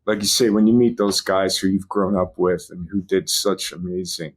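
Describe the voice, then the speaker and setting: A man's voice: low-pitched, steady tone, moderate pace, slightly rough. A man guest on a podcast, fondly reminiscing in a rambling, casual way with lots of fillers. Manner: rambling, fond, full of fillers.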